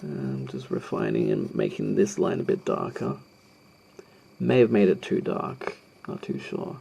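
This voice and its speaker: A low-voiced man with big pitch swings, vocal fry and a mellow, breathy edge speaks unhurriedly while sketching. He's hosting a live drawing tutorial, narrating in a hesitant, rambling way peppered with ums and self-deprecating asides.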